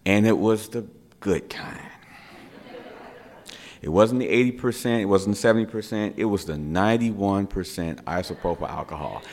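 A middle-aged man, a father, telling a family story in a casual, animated way and repeating words for effect. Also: fairly low pitch, normal speed. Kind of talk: casual spoken anecdote.

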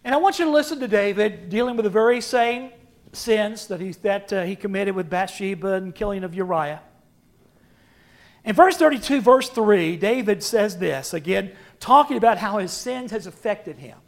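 A pastor preaching a sermon to his congregation, swinging from loud emphatic lines to hushed low phrases and calling for responses. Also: expressive, normal speed.

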